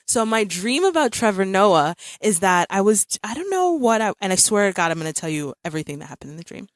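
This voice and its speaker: A woman in her thirties hosts a podcast, chatting casually and telling a story with lots of laughter. Her voice sits at an ordinary middle pitch. The sound is dry and close. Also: fast, dry recording. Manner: animated storyteller, laughs often. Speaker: podcast host. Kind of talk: casual chat.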